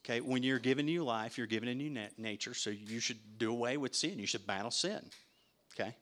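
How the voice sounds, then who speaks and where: A man's voice: mid-range voice, fairly quick, fairly bright tone. A man preaching a sermon in a conversational way, asking his listeners questions and repeating words as he starts his sentences. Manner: conversational, asks the audience questions. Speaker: pastor. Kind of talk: interactive sermon teaching.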